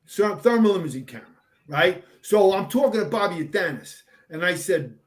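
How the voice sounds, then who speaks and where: Older guest, fire captain, animated profane storyteller, a little high-pitched. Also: male voice, brisk. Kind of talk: casual storytelling in an interview.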